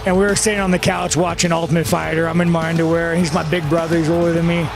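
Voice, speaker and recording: A man with a fairly high voice tells a story at a press conference. He speaks in a blunt, profane, rambling way. The clip has loud music laid over his voice. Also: little pitch movement, fast, creaky.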